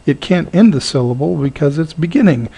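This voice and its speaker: A man teaching a recorded lesson, halting with frequent fillers and repeating words slowly to model their sound. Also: fairly high pitch, animated, gravelly, dark tone, slightly rough. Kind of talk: recorded lecture.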